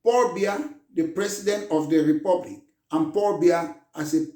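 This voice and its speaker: A man giving an impassioned, emphatic political address as a party leader, now and then rising to a shout. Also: high-pitched, moderate pace, recorded from a distance. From Cameroon. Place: room in London. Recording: echoey room, voice off the mic.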